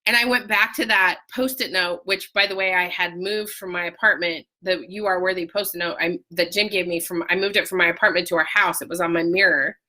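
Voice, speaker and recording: Bright, animated woman telling a personal story. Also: a little fast, hardly any pauses. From Utah. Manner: emotional, animated storytelling with sudden high-pitched outbursts; greets viewers by name mid-story. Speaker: life coach sharing a personal story. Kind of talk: casual live video talk to viewers.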